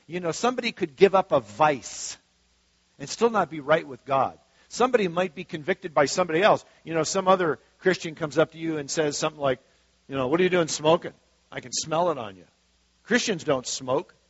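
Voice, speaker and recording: A man's voice: on the high side, no room sound, lo-fi sound. A man preaching a sermon as pastor in a conversational way, with frequent asides and restarts.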